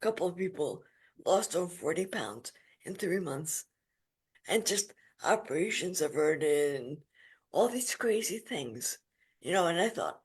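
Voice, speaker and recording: A woman in her forties, a podcast guest, telling her story in a lively, emphatic way. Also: on the low side, measured pace, husky. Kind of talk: casual interview storytelling.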